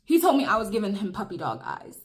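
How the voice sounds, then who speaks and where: A woman's voice: mid-range voice, very animated, fast talker. A young woman telling viewers an emphatic, chatty story over a meal in a casual vlog. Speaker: vlogger. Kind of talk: casual storytime while eating.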